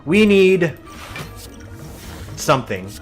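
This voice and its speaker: A man's voice: a little high, very slow, faint music behind. A young man giving rambling, jokey commentary while playing a game, acting out what his friends say. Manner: chatty, animated, jokey, acts out quoted friends. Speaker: streamer and let's-play host.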